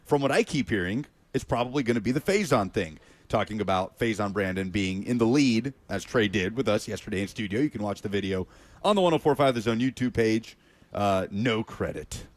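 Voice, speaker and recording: A man's voice: lowish voice, lively intonation, a little fast, dry recording. Storytelling male sports radio co-host. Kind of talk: casual sports radio banter.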